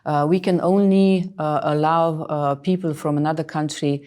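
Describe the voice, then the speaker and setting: A woman in her sixties answering interview questions earnestly, emphatic and often pausing with fillers. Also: low voice, steady tone, warm tone. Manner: emphatic, hesitant with many fillers. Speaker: interviewed official.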